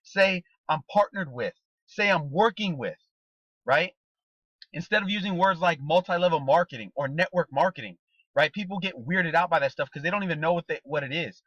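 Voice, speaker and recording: In a motivational training session, this network marketing coach talks briskly to his team in a bright, forceful, slightly raised voice on the high side. Rhetorical questions and "okay?" check-ins drive his points. The sound is dry and a bit dull, with no room sound.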